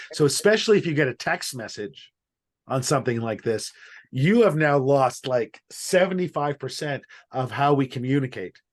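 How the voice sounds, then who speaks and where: A man facilitating an online workshop, explaining with emphasis on single words, heard over a video call. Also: mid-range voice. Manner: explanatory, stresses single words in a repeated sentence.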